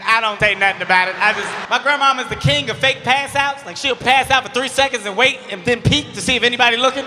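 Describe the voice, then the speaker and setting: A man doing stand-up, telling loud, animated stories and shouting into character bits, on a stage with music faintly behind. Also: high-pitched, fast, few pauses. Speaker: stand-up comedian. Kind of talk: stand-up storytelling. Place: comedy stage with audience.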